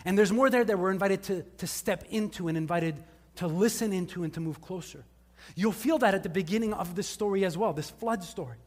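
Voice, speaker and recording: High-voiced joking male pastor. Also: fairly quick, a little mellow, in a large hall. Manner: casual, joking asides with the congregation. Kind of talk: conversational sermon. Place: church service before a live congregation.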